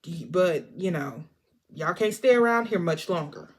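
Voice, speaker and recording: A woman voicing a worried middle-aged man from a film, low and guarded in delivery. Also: animated, a little slow. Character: worried man guarding his family secret.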